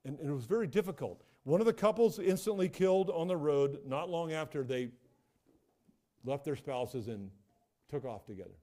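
Emphatic high-voiced male pastor preaching. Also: lively intonation, moderate pace, mellow. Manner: emphatic, repetitive phrasing with restarts. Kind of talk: sermon.

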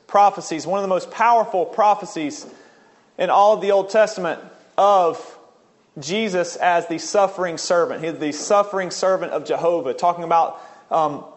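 A man preaching a sermon as a pastor, earnest, slowing down to stress key words. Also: high-pitched.

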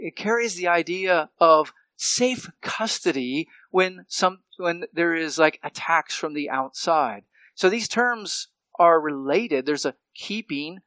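A male preacher delivers a teaching sermon in a relaxed, conversational way, checking in with "right?" and restarting his phrases as he thinks. His voice sits a little high for a man. The sound is dry and close, with no room echo. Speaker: pastor.

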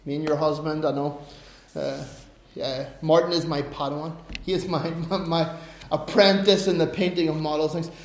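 A middle-aged man preaching a sermon, telling personal stories in an animated way, breaking into bursts of laughter. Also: a little high, normal speed. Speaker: pastor. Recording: roomy echo.

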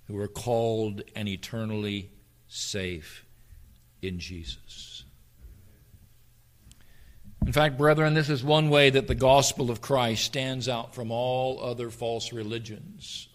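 A man preaching a sermon as pastor, swinging from hushed, near-whispered tenderness to fervent, rising climaxes. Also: on the low side.

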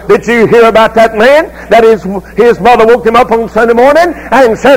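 A middle-aged man, a pastor preaching a sermon that rises into loud, fervent passages. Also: very high-pitched, normal speed, few pauses, low-quality recording.

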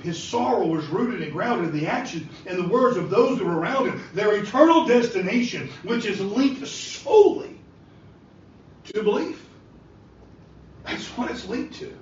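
Preacher, man, high and lively delivery, impassioned; distant mic in a roomy church, lo-fi. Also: a little hiss or hum. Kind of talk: sermon. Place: church sanctuary. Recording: echoey church hall from far off, dull and lo-fi.

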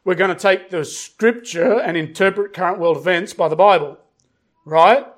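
A middle-aged pastor preaches a sermon in a fairly high voice, emphatic throughout. He hammers key words by repeating phrases and slows into a weighty cadence whenever he reads scripture.

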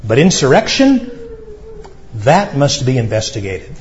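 A male pastor delivering a sermon, preaching emphatically with dramatic pauses. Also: medium pitch, wildly swooping pitch, highs cut off, a little hiss or hum.

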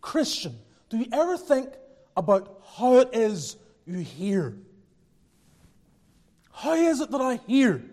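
A man preaching a sermon as pastor, earnest, moving between hushed and fervent passages. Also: extremely high pitch, big pitch swings, slow, pauses often. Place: church sanctuary. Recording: church with long reverb.

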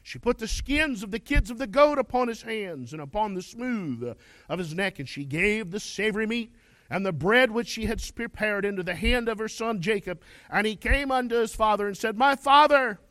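A man's voice: high-pitched, expressive, normal speed, a bit bright, dry recording. A man preaching a sermon, reading scripture aloud and then pressing his listeners with pointed questions. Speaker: pastor.

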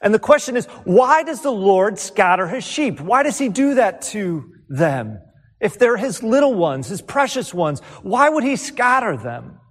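A man preaching a sermon with earnest rhetorical questions, letting key words fall quiet. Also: high-pitched, big pitch swings, measured pace, big-room sound.

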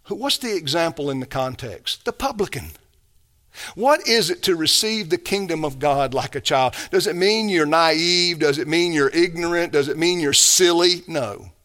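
A man preaching a sermon as a pastor, emphatic, swinging between hushed and raised delivery. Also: on the high side, animated, moderate pace.

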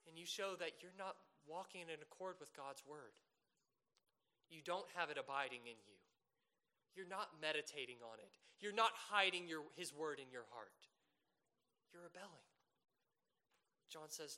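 Bright, high-voiced man preaching a sermon. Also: measured pace, pauses often. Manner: earnest, rising to emphatic peaks with rhetorical questions.

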